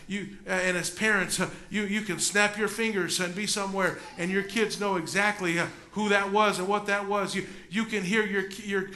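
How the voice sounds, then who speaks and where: A man preaching a sermon as pastor in a church, dropping from loud preaching to hushed talk and back. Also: high voice, roomy sound. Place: church sanctuary.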